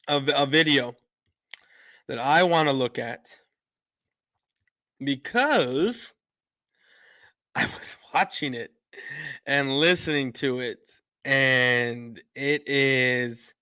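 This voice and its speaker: A male livestream host rambles casually with lots of fillers and restarts, greeting viewers in the chat while openly emotional and a little choked up. His medium-pitched voice sounds pushed and bright, with clean studio sound and no echo.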